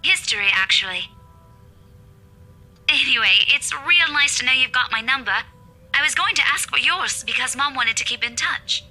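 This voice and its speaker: Man voicing a chirpy young schoolteacher in a game read, high, lively and very bright. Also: normal speed, faint music behind, full character voice. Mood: friendly. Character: cheerful young female schoolteacher. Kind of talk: reading game dialogue on stream.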